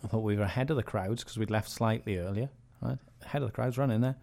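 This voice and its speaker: A man's voice: fairly low pitch, quick pace, creaky, a little mellow. A man hosting a podcast, telling a comic anecdote in casual chat, laughing often and repeating his punchlines. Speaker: podcast host.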